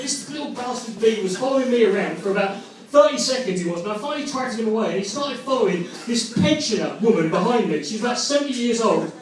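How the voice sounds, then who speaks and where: A man's voice: very high voice, a little hiss or hum. An Englishman doing live stand-up comedy on a club stage, sweary, conversational and self-mocking. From England. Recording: echoey room, distant mic, faint ambience.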